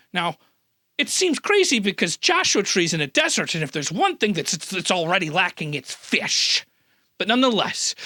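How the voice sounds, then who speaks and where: A man's voice: high-pitched, pushed and bright, no echo, clean studio sound. A man from the Midwest hosting a comedic news roundup, sarcastic and full of mock-outraged asides. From American Midwest. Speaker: news host.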